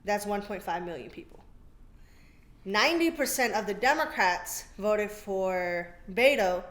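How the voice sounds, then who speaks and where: A woman's voice: mid-range voice, lively intonation, a little slow, fairly bright tone. A woman guest on a podcast, breaking down politics and vote counts in a matter-of-fact, casual way. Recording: echoey room with faint noise.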